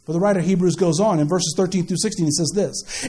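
A man's voice: high voice, quick pace, few pauses, warm tone. A man, a young father, preaching a sermon with playful family stories and questions to the congregation. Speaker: pastor.

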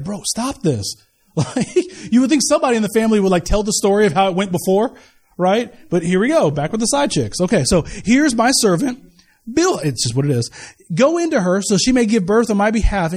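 A male pastor with a fairly high voice preaches with lots of energy. He chats with the congregation, throws in quick asides and acts out little scenes. He sounds middle-aged. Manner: animated, conversational preaching with asides and quick retellings. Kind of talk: sermon.

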